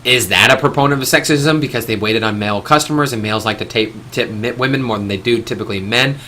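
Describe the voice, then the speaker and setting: A man with a bright, forceful voice hosts a live stream. He talks in an opinionated, rambling way. He restarts his sentences often and swears casually. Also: medium pitch, fast.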